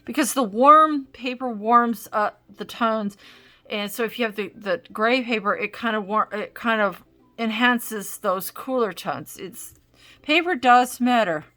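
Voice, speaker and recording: This art supplies host has a bright, forceful voice on the high side and keeps a measured pace. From her home craft desk she gives a casual demo, chatting, rambling, and interrupting herself as she tries crayons.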